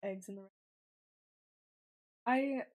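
A young woman streamer with a hoarse, sick voice, chatting casually and swearing as she plays. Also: a little high, very slow, a little mellow, a little hiss or hum. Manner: chatty, swears freely, thinks aloud. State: hoarse from sickness and morning voice. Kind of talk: casual gameplay commentary.

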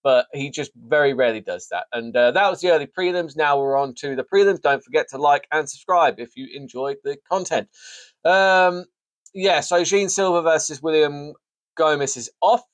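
A man's voice: a little high, moderate pace, dry recording. Jokey man previewing fight picks. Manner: jokey, rambling, self-mocking asides. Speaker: sports podcast host. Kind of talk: casual fight-card preview.

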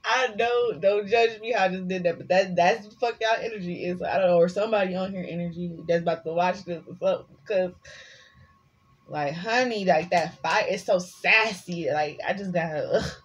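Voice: mid-range voice, steady tone, normal speed, slightly rough, highs cut off. A tarot reader giving a casual collective reading, chatty and sassy, swearing freely and rambling between the cards.

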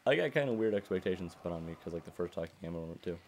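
A low, deep-voiced man in casual gaming banter, complaining through a bout of hiccups. He swears freely and drops dry, deadpan jokes between plays. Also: very fast, a little hiss or hum. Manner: grumbling, profane, dry jokes. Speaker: let's play co-host.

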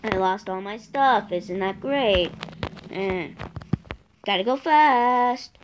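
A woman host giving let's play commentary, excitable, shrieking and yelling at the monsters in her game. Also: mid-range voice, takes it slowly, a little hiss or hum. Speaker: gaming channel host.

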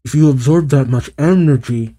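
A man's voice: medium pitch, normal speed, dark tone, lightly acted. A man reading as a cold, all-powerful witch.

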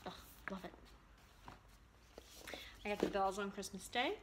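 A woman's voice: medium pitch, steady tone, measured pace, background noise. A woman chatting casually and enthusiastically as a vlogger, showing her cross-stitch purchases with frequent ums. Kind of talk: casual show-and-tell chat.

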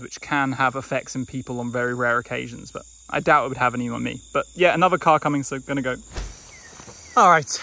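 A man's voice: medium pitch, low-quality recording. A man vlogging outdoors at night in a jungle, chatting with enthusiasm about the snakes he finds, with a handheld camera mic. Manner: enthusiastic, chatty, breaks into quiet asides. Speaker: reptile field herper. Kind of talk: casual nature vlog narration. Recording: outdoor night with loud insect noise. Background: insects and crickets at night.

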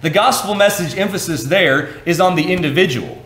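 Higher-voiced preacher in an echoey church. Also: male voice, moderate pace, fairly bright tone. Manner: reads scripture aloud with asides and self-corrections; conversational, direct to the congregation. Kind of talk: sermon. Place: church sanctuary.

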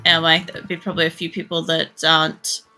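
A woman streamer giving casual, chatty gameplay commentary, swearing freely as she thinks out loud. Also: low voice, level tone, a little fast, soft background music. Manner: chatty and profane, thinking aloud. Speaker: game streamer.

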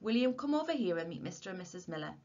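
A woman voicing a gruff, curt older countryman. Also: lowish voice, very animated, racing, a little mellow. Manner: curt, muttering. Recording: dull lo-fi recording.

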